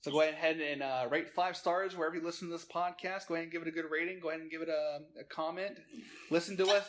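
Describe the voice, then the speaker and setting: A man hosting a casual podcast, joking and laughing loudly with friends. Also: fairly high pitch, fairly even intonation, racing, low-quality recording. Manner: joking, laughing, loud and rowdy. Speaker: podcast host.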